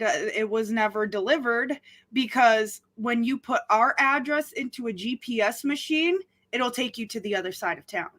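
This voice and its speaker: Woman, from North Dakota, casual co-host, chatty, giggly, slightly high voice. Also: bright, forceful tone. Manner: chatty, giggly, frequent "like" and "okay". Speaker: podcast co-host. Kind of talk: casual chat.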